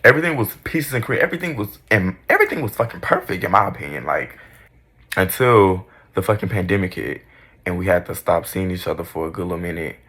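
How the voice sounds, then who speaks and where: Young guy doing a storytime, low husky voice, dramatic, cussing a lot. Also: expressive, quick pace, sharp tone. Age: young adult. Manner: candid, profane and dramatic. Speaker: vlogger. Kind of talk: casual storytime.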